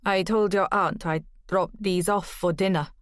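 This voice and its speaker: A woman voicing a gruff, friendly older Welsh countryman with a heavy accent in an audiobook. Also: medium pitch, steady tone, a little slow, no room sound, studio quality, natural voice. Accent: heavy Welsh accent, put on. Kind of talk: audiobook character voice.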